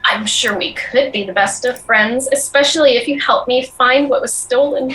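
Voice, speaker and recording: A woman's voice: high voice, normal speed, fairly bright tone, a little hiss or hum, rough recording. A woman voicing a charming, self-praising male goblin who gushes over new friends. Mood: smug.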